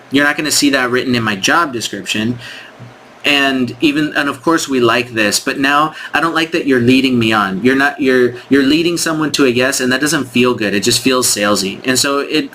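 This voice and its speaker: A man's voice: medium pitch, moderate pace, sharp tone, slight background noise. A man coaching on sales in a casual screen-share walkthrough, thinking aloud with frequent restarts and frank critique. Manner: frank, critiques scripts directly.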